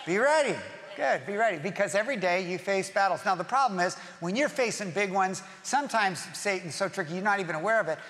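A man preaching a sermon to a congregation, lively and playful, acting out quoted voices. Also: sits high. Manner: animated, acts out quoted voices and jokes with the congregation. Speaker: pastor. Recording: long reverb of a large hall, faint ambience.

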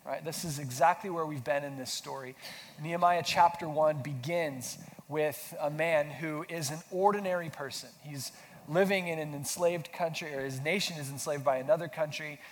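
Sick with flu, a pastor with a somewhat high voice delivers his sermon at a moderate pace, keeping it casual with self-deprecating humor and questions for his congregation. The recording carries a long hall reverb and faint background noise.

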